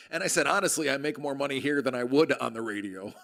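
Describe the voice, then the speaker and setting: Gravelly man with a projected radio voice. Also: mid-range voice, a little fast, fairly bright tone. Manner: projected, radio-style delivery; jokey, chatty, reads out viewer comments. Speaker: live-stream host. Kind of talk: casual live-stream chat. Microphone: close desk microphone with level meter.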